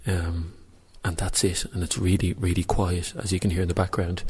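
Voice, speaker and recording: A man phoning into a radio show from a quiet church, casual, hesitant and self-mocking, fumbling for his words. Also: sits low, little pitch movement, normal speed, husky. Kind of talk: casual phone report.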